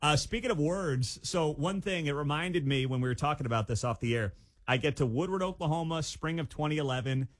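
A man's voice: fairly high pitch, a little fast. A man co-hosting a morning talk radio show, bantering and telling stories in a playful way. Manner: storytelling, playful. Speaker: radio co-host.

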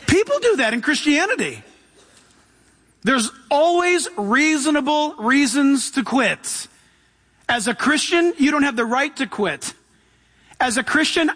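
A man's voice: very high-pitched, a bit bright. A man preaching a sermon, emphatic and punchy, who keeps saying "listen" and acts out voices as he preaches. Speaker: pastor.

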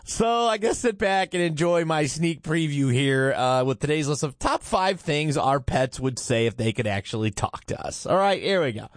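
A man's voice: fairly high pitch, expressive, unhurried, no echo, studio quality. A man hosting a morning radio show in casual, playful chat, rambling and poking fun at himself. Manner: playful, rambling, self-mocking.

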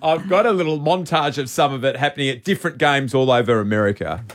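A man's voice: mid-range voice, fast, very noisy. A man hosting breakfast radio, telling a story in a chatty way with plenty of ums and uhs. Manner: animated storytelling with frequent fillers. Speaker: radio host.

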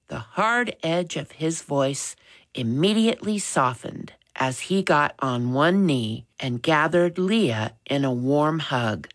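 A woman narrating a storybook in a measured, expressive reading. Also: rumbling low, no room sound.

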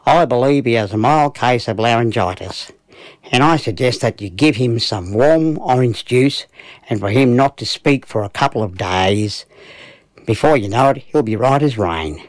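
A man voicing a calm, gentle male doctor who reassures the parents in a children's story. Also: medium pitch, moderate pace, no room sound, lightly acted.

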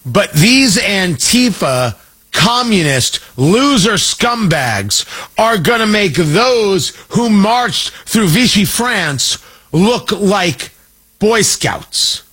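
A man hosting a talk radio show, giving an emphatic, mocking political commentary monologue with drawn-out stresses. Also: high-pitched, very animated, fairly bright tone, breathy edge.

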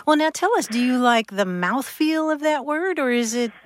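A woman's voice: sits high, lively intonation, moderate pace, a little hiss or hum. A woman co-hosting a radio call-in show, greeting callers in a friendly, playful way. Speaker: co-host.

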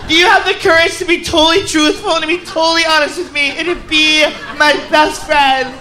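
Man doing a shrill angry girlfriend. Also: level tone, brisk, pushed and bright. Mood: pleading. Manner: ranting, swearing, exasperated. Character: angry 29-year-old girlfriend, demanding. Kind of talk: stand-up bit. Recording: live club mic with noise and crowd.

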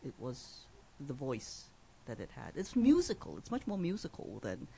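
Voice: mid-range voice, wildly swooping pitch, moderate pace, gravelly, dark tone. Reflective speaker from abroad, faint room noise. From outside the US. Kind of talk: casual panel discussion.

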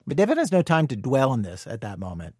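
A man narrating a podcast story in a measured, scripted way. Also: mid-range voice, wildly swooping pitch, husky, no room sound, clean studio sound.

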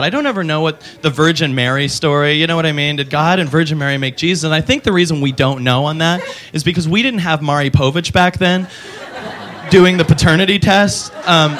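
Bright-voiced male stand-up comic. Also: a little high, slight background noise. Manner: rambling, animated, laughing at his own jokes. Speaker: stand-up comedian. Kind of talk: stand-up comedy.

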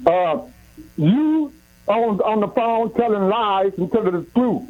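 A man's voice: high-pitched, animated, takes it slowly. Angry male caller on a muffled phone. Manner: angry, insistent, repetitive. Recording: muffled tinny phone line.

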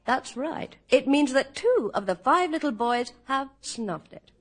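A woman's voice: high-pitched, lively intonation, unhurried. A woman presenting a comic TV segment, delivering her script playfully with laughter. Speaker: TV show presenter.

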